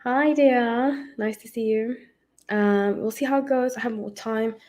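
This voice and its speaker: A woman's voice: fairly high pitch, fairly even intonation, a little slow, a little mellow. A woman hosting a casual tarot livestream from home, chatting with viewers and greeting them by name between rambling asides.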